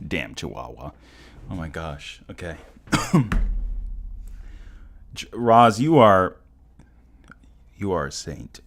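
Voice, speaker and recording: A young man hosts a live stream in a casual chat, with a voice that swings wildly in pitch. He talks slowly and stammers, jumping from excited shouts to low mumbles. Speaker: livestream host.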